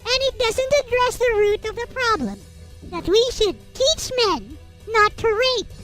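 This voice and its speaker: A smug troll with a piercing, squeaky voice that swoops up and down as it reads in a sarcastic, mock-solemn tone, as a streamer puts it on. Faint music plays behind it. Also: lively intonation, measured pace, fairly bright tone, full character voice. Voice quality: very high, squeaky put-on voice. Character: squeaky high-pitched troll, mocking and smug. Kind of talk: reading satirical prose aloud in a character voice.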